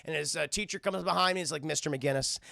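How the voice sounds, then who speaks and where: A man's voice: high voice, fairly even intonation, quick pace, creaky, sharp tone, dry recording, studio quality. A man casually recapping a cartoon episode for his live stream chat, rambling and swearing often. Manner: profane, rambling, addresses chat constantly.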